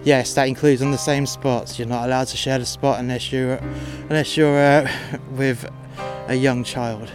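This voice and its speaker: A man's voice: mid-range voice, flat delivery, normal speed, hardly any pauses, music in the background. A man telling a story about his job in a blunt, sweary and exasperated way. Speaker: podcast host telling work stories. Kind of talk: casual storytelling monologue.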